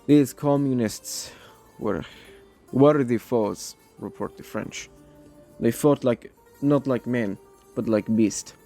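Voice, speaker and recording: A man voicing a zealous male Russian imperial theocrat in a put-on Russian accent, grave and slow-spoken. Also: mid-range voice, mellow, soft background music. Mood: scornful. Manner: solemn, menacing declamation. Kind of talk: role-play character monologue.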